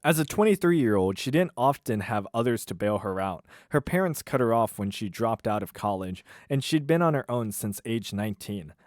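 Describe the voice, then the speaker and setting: A man's voice: fairly low pitch, expressive, moderate pace, few pauses, no room sound. Wry man reading aloud, dry room. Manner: incredulous, wry commentary. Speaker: YouTuber reading a book aloud. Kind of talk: comic read-aloud with asides.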